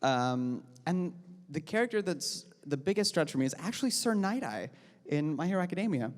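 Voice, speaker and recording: A man and voice actor chatting casually on a convention panel, animated and scattered, laughing often. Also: fairly quick. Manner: animated, high-pitched and all over the place, laughs a lot. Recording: convention hall reverb.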